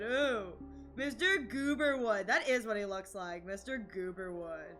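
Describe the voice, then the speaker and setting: A woman streaming a game, gushing and bubbly, with quick excited asides. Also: mid-range voice, soft background music. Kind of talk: excited live gameplay commentary.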